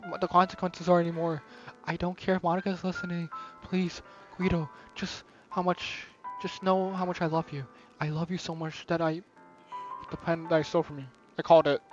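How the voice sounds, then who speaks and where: A man gives voice to an intense, obsessive teenage girl from a visual novel. The reading is soft and fairly high for a man's voice. It comes through a dull, lo-fi recording. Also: natural voice.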